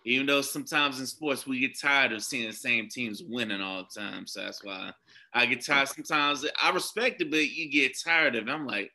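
Podcaster, man, easygoing casual talker, very bright tone, middle pitch. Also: moderate pace. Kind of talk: casual chat.

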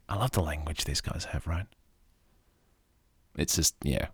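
Australian man, calm story narrator, soft and rambling, deep, dry close sound. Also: unhurried, long pauses, slightly rough, no echo. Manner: soft-spoken, rambling asides. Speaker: podcast narrator.

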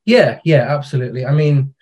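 A man's voice: medium pitch, expressive, brisk, a little mellow, dull audio. A man, a podcast guest who tells stories about his working life in a frank, chatty way. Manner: anecdotal storytelling, frank, British slang. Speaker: podcast guest, digital marketer. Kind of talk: casual conversation.

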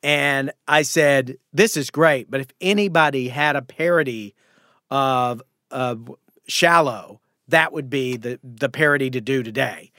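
A man chats on a podcast about doing impressions. He tells stories with animated turns and dips into other voices. The voice sits close and dry, with no room sound. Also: mid-range voice, measured pace, no echo. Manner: animated storyteller who slips into impressions. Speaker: guest impressionist. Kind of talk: casual podcast chat.

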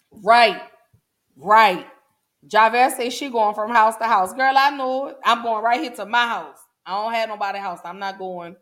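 Chatty woman hosting a podcast. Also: medium pitch. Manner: chatty, folksy, addresses listeners as y'all and baby. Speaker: podcast host. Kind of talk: casual solo podcast chat with live listeners.

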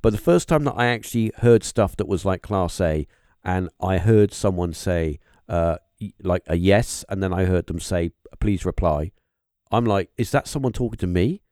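A man hosting a podcast interview, talking in a halting, musing way with lots of fillers and restarts. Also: deep voice, darkish tone, smooth, no room sound, clean studio sound. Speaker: podcast host. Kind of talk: casual interview chat.

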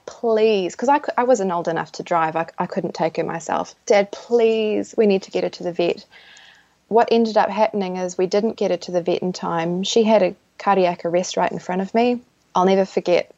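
A woman's voice: on the low side, darkish tone, no room sound. Earnest woman guest, dull lo-fi sound. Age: adult. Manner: earnest, halting, with frequent restarts. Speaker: podcast guest. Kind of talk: personal storytelling in an interview.

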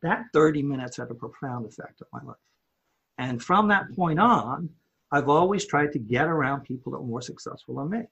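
A man's voice: fairly high pitch, normal speed, vocal fry, slightly rough, dull audio. A man, a company owner and podcast guest, telling a personal story in a casual, candid way and acting out the quoted dialogue. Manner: animated storyteller who acts out quoted dialogue; casual and candid, with mild swearing.

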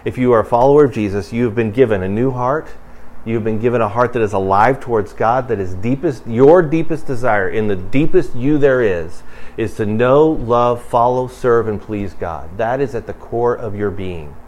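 A man preaching a sermon as a pastor, speaking conversationally, building to emphatic bursts and then dropping low and quiet. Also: normal speed.

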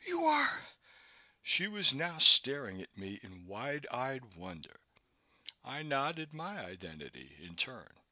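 A man narrating an audiobook in an expressive, scripted reading style. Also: medium pitch, slow pace, dry recording.

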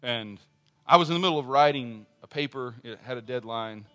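A middle-aged man preaching a sermon as pastor, earnest, dropping to soft personal asides and rising to strong emphasis. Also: mid-range voice, brisk.

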